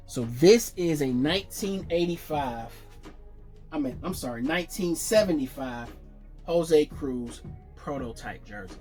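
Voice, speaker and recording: Excited man showing off his jerseys. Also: on the high side, measured pace, faint music behind. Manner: excited, chatty, fillers and self-corrections. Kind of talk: casual show-and-tell vlog.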